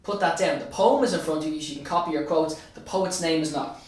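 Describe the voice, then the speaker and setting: An Irish teacher who also works as a state examiner talks quickly in a slightly high voice, recorded from a distance in a very echoey space. In this exam revision tutorial he walks students step by step through an answer, moving between Irish and English and repeating key phrases.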